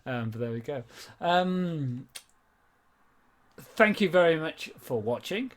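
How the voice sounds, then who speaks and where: A man's voice: on the high side, expressive, slow pace. A man running a tabletop game, chatting and recapping in a rambling, hesitant way and laughing often. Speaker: game master. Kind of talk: casual chat and game recap.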